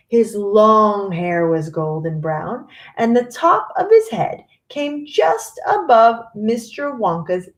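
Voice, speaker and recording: Teacher lady reading a kids book out loud, slow and expressive, bouncy pitch. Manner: expressive, unhurried. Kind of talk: storybook read-aloud.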